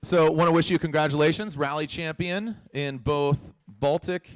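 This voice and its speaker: A man's voice: on the high side, fairly even intonation, normal speed. A man hosting a live motorsport press conference, joking and teasing the young drivers with lots of laughs. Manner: teasing, playful, laughs often.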